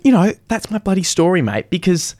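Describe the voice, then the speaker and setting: A man's voice: sits high, very animated, brisk, darkish tone, no echo, studio quality. A young man co-hosting a casual podcast, telling a rambling story and cutting himself off often. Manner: rambling, self-interrupting storyteller. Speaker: podcast co-host. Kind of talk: casual chat.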